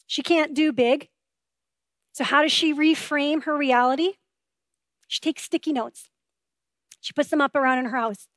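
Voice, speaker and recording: A woman preaching a sermon with a high, clear voice, earnest and conversational, often turning to rhetorical questions. The sound is close and dry, with no room around it. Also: moderate pace, long pauses, dry recording. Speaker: pastor.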